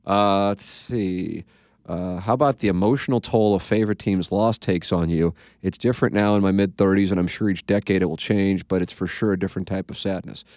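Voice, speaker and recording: A man's voice: low voice, fairly even intonation, fairly quick, a little mellow, no room sound, studio quality. A man hosting a podcast in casual chat, rambling and profane, trailing off into asides. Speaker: podcast host.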